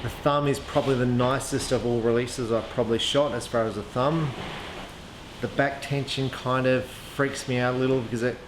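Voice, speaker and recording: A man's voice: medium pitch, fairly even intonation, moderate pace. Chatty man reviewing gear in an echoey room. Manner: chatty, hesitant, lots of ums and restarts. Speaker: archery equipment reviewer. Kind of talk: casual product review, thinking aloud. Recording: echoey room with faint ambient noise.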